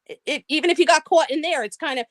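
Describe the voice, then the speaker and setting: High-voiced woman telling a funny story. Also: fast talker, no echo. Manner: animated, laughing storyteller. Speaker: live stream caller. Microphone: video call.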